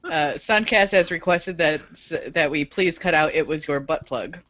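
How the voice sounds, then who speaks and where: A woman's voice: sits low, normal speed, a bit bright, dry recording. A woman co-hosting a podcast in casual chat, speaking English as a second language, teasing and giggly. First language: not English. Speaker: podcast co-host. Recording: dry, slightly dull podcast audio.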